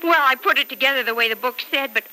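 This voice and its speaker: An actress playing a nervous, giggly young newlywed wife in a 1940s radio drama, recorded on an old radio transcription. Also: female voice, sits high, fast talker, sharp tone, rough recording. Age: young adult. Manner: giggly, fretful, sweet.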